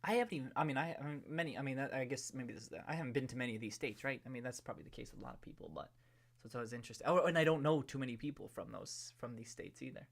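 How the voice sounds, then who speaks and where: A man hosting a live stream, chatting casually and greeting viewers from the chat one by one in a rambling, relaxed way. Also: medium pitch, very fast, creaky.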